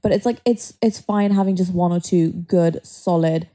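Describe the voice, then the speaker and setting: A woman's voice: lowish voice, moderate pace, dark tone. A young woman co-hosting a podcast, chatting in a blunt, frank way and swearing casually. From Dubai. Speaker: podcast co-host. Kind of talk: casual chat.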